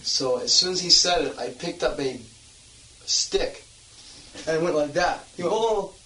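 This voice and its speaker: A man in a casual discussion, talking in a relaxed way and telling anecdotes. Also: on the high side, measured pace. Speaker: conversation partner. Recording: distant voice in an echoey room.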